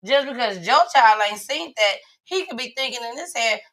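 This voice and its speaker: A woman co-hosts a casual chat show with a bright, clear voice. She is blunt and laughs often, swears freely and speaks straight to her viewers. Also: a little high, animated, normal speed, hardly any pauses. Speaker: podcast co-host.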